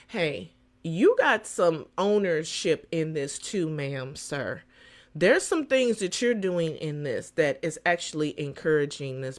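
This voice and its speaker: Animated woman podcaster coaching listeners. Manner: animated, preachy, lively pitch swings with playful voices. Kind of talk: casual solo podcast talk.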